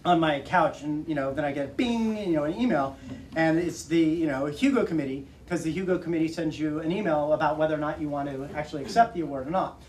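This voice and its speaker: A man in his forties, an author speaking casually to an audience at a bookstore, animated and laughing often as he acts out quotes. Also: a little high, quick pace, a little hiss or hum. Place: bookstore event room. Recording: roomy audio from far off.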